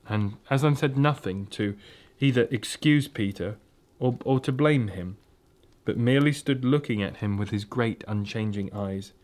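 A man reading a children's storybook aloud, in a gentle, steady and expressive way. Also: mid-range voice, normal speed. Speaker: reader.

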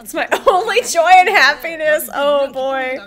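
A woman hosting a drama reaction video, excitable and emotional, laughing and gasping often. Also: high-pitched, a little slow. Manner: emotional, near tears. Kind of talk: casual drama reaction commentary.

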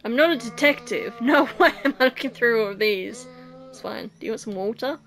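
A woman's voice: a little high, a little fast, a bit bright, soft background music. A young woman playing a horror game and commenting, joking sarcastically and giggling often. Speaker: let's play host.

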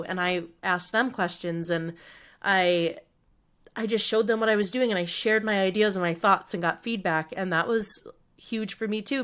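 A woman's voice: medium pitch, fairly bright tone. A young woman co-hosting a podcast, chatting casually about her year, with frequent laughs and lots of fillers. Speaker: podcast co-host. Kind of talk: casual chat.

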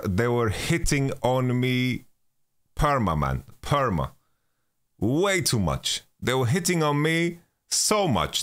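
A podcast host with a medium-pitched, fairly bright, clean voice tells a travel story. He rambles loosely, swears freely, restarts his sentences often, and uses "you know" a lot.

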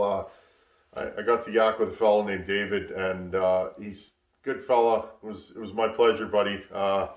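A man, tired after a long work week, chatting casually and rambling with lots of fillers as the host of a chainsaw repair channel in his workshop. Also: mid-range voice. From Canada. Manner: relaxed, rambling, many "uh" fillers. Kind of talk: casual shop chat. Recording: echoey workshop.

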